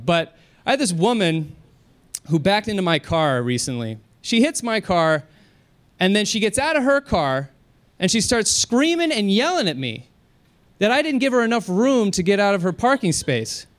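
A male stand-up comedian performs on stage into a handheld mic, his voice pitched high and bouncing all over the place. He tells his stories with animated energy and often breaks into his own laughter. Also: normal speed. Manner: animated storytelling, jumps to high excited delivery, breaks into laughter. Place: comedy club stage with live audience.

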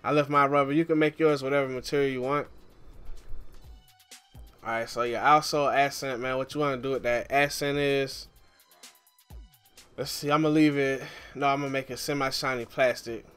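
A relaxed man talks viewers through a game tutorial in an easygoing, chatty way. His voice is smooth and clear at a middle pitch, and faint background music plays under the voice-over. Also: moderate pace, long pauses. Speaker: gaming YouTuber.

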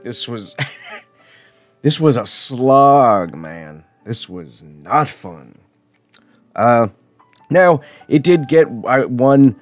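A man's voice: mid-range voice, dry recording. A man casually reviewing horror films, rambling, laughing often and swearing freely. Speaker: film reviewer.

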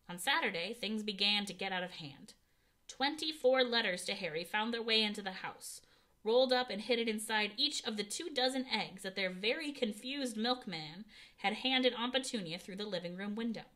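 A woman's voice: medium pitch, expressive, normal speed, fairly bright tone. A woman reading a children's novel aloud, narrating expressively and giving the characters voices. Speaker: audiobook reader.

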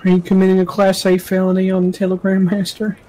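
High-voiced man chatting in a roleplay game. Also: fast talker. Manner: animated storyteller, swears freely. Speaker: roleplay gamer. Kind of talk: in-character roleplay chat.

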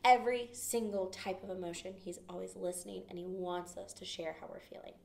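A woman leading a children's Bible lesson in a playful, expressive way, asking the kids questions as she goes. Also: lowish voice, fairly quick, creaky, a little hiss or hum. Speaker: children's ministry teacher. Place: church children's room. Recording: echoey room, mic at a distance.

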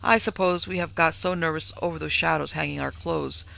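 A woman's voice: deep voice, steady tone, a little fast, vocal fry, sharp tone, a little hiss or hum, heavily acted, rough recording. A narrator voicing an anxious middle-aged mother who speaks in a doubtful, moaning way. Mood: uneasy.

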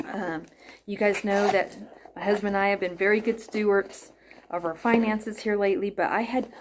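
A chatty middle-aged woman talks her way through an unboxing at home. She gushes over every gift and thinks out loud as she goes. Her voice sits at a middling pitch. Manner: gushing, chatty, thinks aloud. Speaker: crochet vlogger. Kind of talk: casual unboxing chat.

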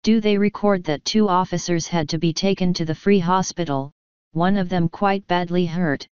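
A woman reading an audiobook, voicing a gruff, weary middle-aged male police commander who grumbles. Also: lowish voice, moderate pace, darkish tone, no echo, highs cut off, natural voice. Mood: grumpy.

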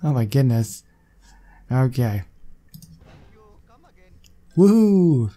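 A man hosts a gaming video in casual let's-play style, chatting to himself as he plays. His mid-range voice is animated and warm, at a normal speed.

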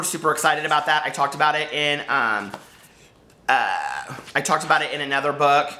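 A man's voice: fairly high pitch, bright, forceful tone, roomy sound. A man chatting casually and playfully to camera as a book vlogger.

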